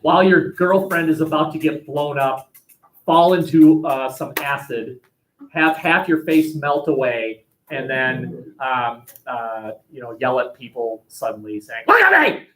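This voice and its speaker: A man lecturing a sociology class, animated and acting out quoted voices. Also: medium pitch, unhurried, rough recording. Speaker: sociology teacher.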